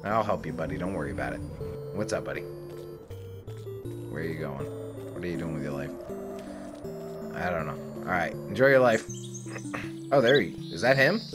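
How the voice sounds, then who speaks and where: Over game music, a man with a low, lively voice jokes his way through gameplay at a moderate pace, leaving long pauses. He swears freely and laughs at his own expense, as a let's play gamer.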